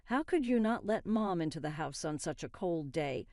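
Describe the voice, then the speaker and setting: A woman's voice: deep voice, animated, moderate pace, darkish tone, no echo, clean studio sound. A woman voicing an angry young husband who talks bluntly and accusingly in a storybook narration.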